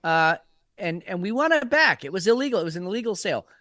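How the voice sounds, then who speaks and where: A man's voice: sits high, sing-song, quick pace, sharp tone, no room sound, clean studio sound. A man co-hosting a casual political chat, rambling and profane, with frequent restarts. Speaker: podcast co-host.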